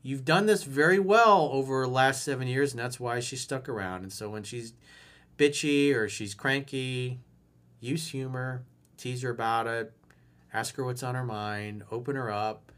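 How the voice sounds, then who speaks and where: A male relationship coach replying to a viewer's letter on video. His voice sits at an ordinary middle pitch for a man. He reads the questions out and then answers in a blunt, emphatic way, with casual swearing. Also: normal speed, fairly bright tone. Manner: blunt, profane, emphatic advice.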